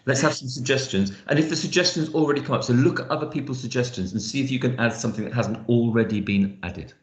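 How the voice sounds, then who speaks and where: A man's voice: mid-range voice, fast, echoey room. A man teaching an online lesson on phonics, thinking aloud with fillers and spelling out letters as he explains. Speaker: lecturer.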